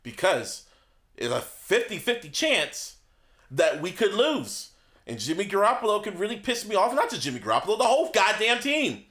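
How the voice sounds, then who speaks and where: A man co-hosting a podcast in casual chat, animated and swearing freely, voice jumping up when he gets excited and laughing often. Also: high-pitched, normal speed. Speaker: podcast co-host.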